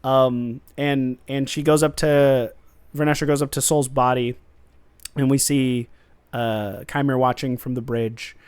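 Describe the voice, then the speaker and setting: A man's voice: medium pitch, a little slow, clean tone, dry recording. A man co-hosting a podcast, recapping a show in casual chat and acting out characters' lines with laughs. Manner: animated, acts out lines with laughs. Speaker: podcast co-host.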